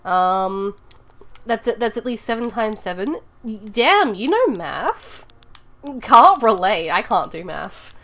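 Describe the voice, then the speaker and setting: A woman's voice: mid-range voice, big pitch swings, takes it slowly, a bit bright. A woman streaming from her room, chatting casually with viewers and thinking aloud as she builds in a game, rambling and giggly. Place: home room.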